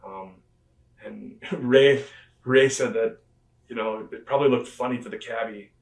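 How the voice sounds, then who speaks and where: A man's voice: mid-range voice, steady tone, measured pace, creaky. A man, a former pro wrestler as an interview guest, telling rambling backstage anecdotes with lots of fillers and the odd chuckle. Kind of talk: casual storytelling interview. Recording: roomy and distant from the mic.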